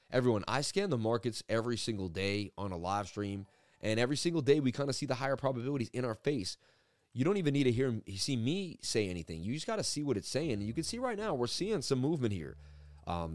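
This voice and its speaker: A man's voice: medium pitch, no echo. A man hosting a crypto market show, telling a rambling story full of "like" fillers and then talking through charts. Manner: animated, rambling, frequent "like" fillers. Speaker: crypto market analysis host. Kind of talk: casual storytelling and chart commentary.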